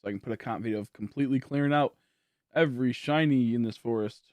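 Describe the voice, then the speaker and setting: A man's voice: medium pitch, fast talker, darkish tone, dry recording. A tired young man streaming from home, chatting casually with viewers in a rambling, filler-heavy way as he thinks aloud. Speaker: game streamer. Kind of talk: casual livestream chat to viewers. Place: at home, indoors.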